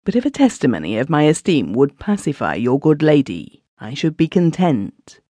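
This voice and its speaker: A woman voicing a ghostly pirate captain who speaks coolly in a polished gentleman's voice. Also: low-pitched, huge pitch swings, moderate pace, husky, dry recording, heavily acted. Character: genteel ghostly pirate captain, cool and courteous.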